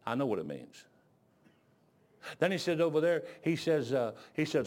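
A man's voice: sing-song, moderate pace. Folksy male pastor preaching. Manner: folksy storytelling, shifts between low asides and loud exclaiming. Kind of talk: sermon.

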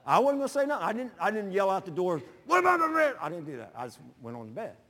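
Pastor guy preaching, folksy stories, gets loud all of a sudden, kinda high voice, big hall echo. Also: rapid-fire. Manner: folksy, animated storytelling with sudden loud bursts. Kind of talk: sermon with personal stories.

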